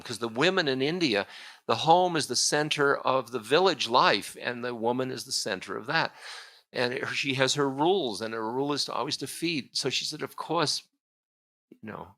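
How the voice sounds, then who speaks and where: A man's voice: mid-range voice, pushed and bright. A man, a spiritual teacher, telling an old story in a casual, humorous lecture with frequent chuckles.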